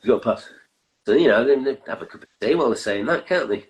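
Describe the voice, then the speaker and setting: A man, a musician chatting as a guest in a relaxed way with dry humour. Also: mid-range voice, fast talker, rough recording. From England, Stockport and York. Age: 50s. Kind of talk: casual interview chat.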